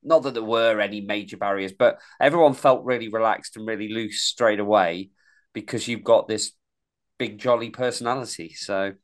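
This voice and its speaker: A man's voice: on the low side, moderate pace. Rambling man with a mild East Midlands accent. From East Midlands, England. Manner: rambling, many restarts and repeated words. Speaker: podcast co-host. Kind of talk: casual chat.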